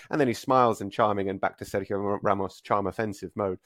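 A man co-hosting a casual football podcast, telling stories with lively delivery and frequent restarts. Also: lowish voice, brisk, no room sound, clean studio sound. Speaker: podcast co-host and football pundit.

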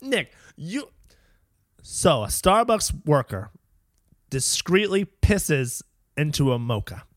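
Playful man with a lively voice. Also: a little high, dry recording, studio quality. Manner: playful, drawn-out setups, laughing. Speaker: podcast co-host. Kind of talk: casual comedic music podcast chat.

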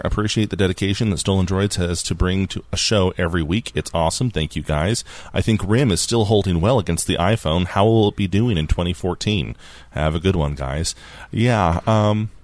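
A man's voice: low-pitched, dry recording. A man hosting a podcast, chatting casually, laughing easily and reading out listener feedback. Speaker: podcast host.

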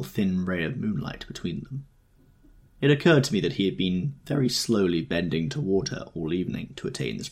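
A man reading a novel aloud in a measured, first-person storytelling manner. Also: low-pitched, husky. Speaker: audiobook reader.

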